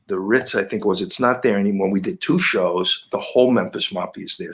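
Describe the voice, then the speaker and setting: An older man, a guitarist guest, telling anecdotes in a casual interview and acting out the people he quotes. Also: on the low side. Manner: animated anecdote-telling, quoting people in lively voices.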